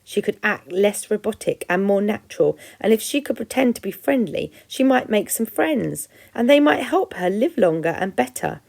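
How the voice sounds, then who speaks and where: A teacher from England reading a children's story aloud with expression. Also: female voice, medium pitch, sing-song, normal speed, gravelly, few pauses, darkish tone.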